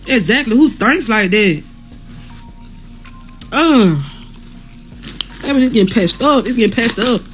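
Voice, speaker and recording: Her voice is a little high and expressive, unhurried with long pauses, and faint music plays behind her. Live-streaming from a hospital bed, she is hurting and near tears yet laughs through it, swearing freely and speaking bluntly as she chats with viewers and reads their comments.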